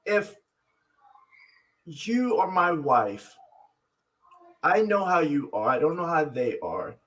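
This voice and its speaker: A man co-hosts a casual podcast with his wife, his voice sitting high and a bit bright on a rough recording. He tells stories earnestly and reflectively, with many restarts.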